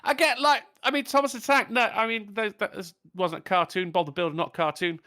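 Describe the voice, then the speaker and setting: A man's voice: sits high, fairly quick. A man hosting a podcast, joking and swearing freely in casual banter while reading out donations. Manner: animated, jokey, swears freely.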